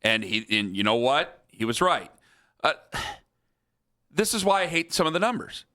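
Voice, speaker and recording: Man, sports radio host, bright forceful voice, heated repetitive rant, higher pitch. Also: sing-song, moderate pace.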